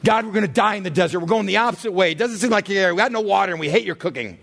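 A man's voice: sits high, animated, very fast, creaky, a bit bright, heavily acted. A man voicing a crowd of grumbling desert wanderers in a whiny, exasperated tone. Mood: whining.

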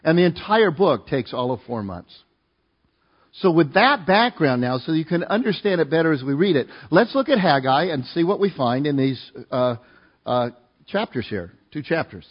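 Working through scripture verse by verse, a male pastor explains it in a conversational way and frequently asks listeners to join in. His voice is on the high side, sing-song and breathy-edged, at a moderate pace, captured with lo-fi sound.

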